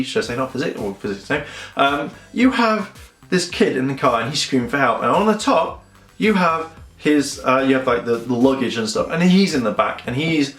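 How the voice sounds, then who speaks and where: A man's voice: medium pitch, a bit bright. A man giving a casual, rambling episode review, correcting himself often and acting out characters' lines. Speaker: show reviewer. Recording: echoey room.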